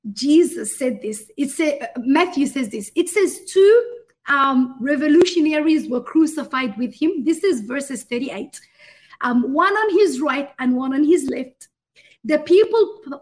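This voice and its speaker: A woman with a high voice gives an interview answer in the manner of a sermon. She is fervent and emphatic, and she turns again and again to the host as she speaks. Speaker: guest minister and author.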